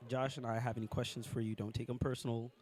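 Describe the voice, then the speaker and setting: A man's voice: medium pitch, level tone, fast talker, a little mellow. A young man hosting a casual podcast outdoors on a college campus, chatty and hesitant, repeating his words. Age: young adult. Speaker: podcast host.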